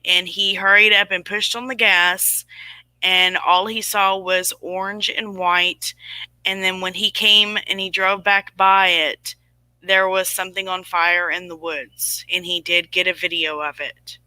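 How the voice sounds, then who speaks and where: Livestream host, forties, rambling, emphatic, very bright tone, dry close sound. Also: medium pitch, level tone, measured pace, clean tone, no echo, poor audio. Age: 40s. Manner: rambling and emphatic, answers chat comments. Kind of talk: casual livestream talk to viewers.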